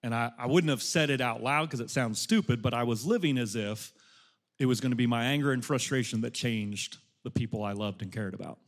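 A middle-aged man preaching a sermon as a pastor, moving from loud, impassioned exhortation to soft, hushed storytelling. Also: medium pitch, fairly quick.

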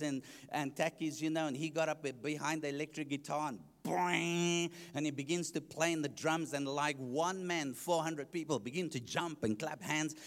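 A man preaching his testimony, telling the story animatedly and acting out his own past reactions. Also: a little high. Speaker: evangelist. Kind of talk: sermon testimony. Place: church. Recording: long church reverb.

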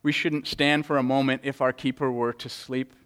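A man preaching a sermon in an earnest way, often repeating words as he goes and reading scripture with dramatic swings of pitch and loudness. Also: flat delivery, moderate pace. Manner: earnest preaching with frequent word repetitions. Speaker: pastor.

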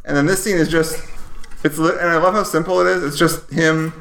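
Gravelly-voiced enthusiastic man. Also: on the high side, fairly even intonation, fairly bright tone. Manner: enthusiastic, halting restarts. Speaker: podcast co-host. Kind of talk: casual film podcast chat.

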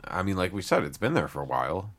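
Deep-voiced wisecracking man. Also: very animated, fairly bright tone. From Niagara County, New York. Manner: wisecracking, crude jokes, quick comebacks. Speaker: podcast co-host. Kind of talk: casual chat.

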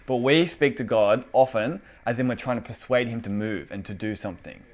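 A young man preaching a casual, conversational sermon with an animated delivery and lots of fillers. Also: medium pitch, a little fast.

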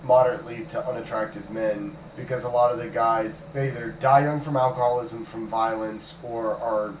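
A man's voice: medium pitch, fairly even intonation, normal speed. A man bantering and telling rambling stories on a casual podcast with friends. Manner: joking, rambling storyteller. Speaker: podcast co-host. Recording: echoey room, distant mic, faint noise.

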